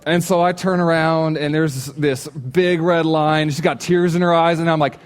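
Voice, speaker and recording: A man in his thirties, a pastor giving a sermon, telling a funny personal story and acting out his own shouts. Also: fairly high pitch, steady tone, moderate pace. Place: church stage.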